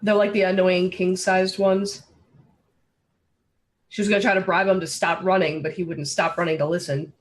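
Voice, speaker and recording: A man's voice: sits high, level tone, normal speed, pauses often. A man playing a tabletop game, wry and blunt, swearing freely. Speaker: player. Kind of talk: casual tabletop play.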